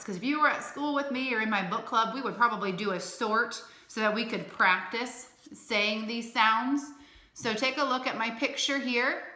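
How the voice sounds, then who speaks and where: A woman teaching a recorded phonics lesson to young children, slowly sounding out each word in an encouraging teacher's tone. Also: a little high, bright, forceful tone. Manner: slow, clearly sounded-out words with an encouraging teacher's tone. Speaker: elementary school teacher. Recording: echoey room.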